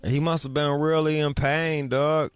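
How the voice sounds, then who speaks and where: Speaking a little slowly in a level tone, this middle-aged man has a slightly high voice. He co-hosts a casual podcast where he talks bluntly, swears plenty and imitates voices in his anecdotes.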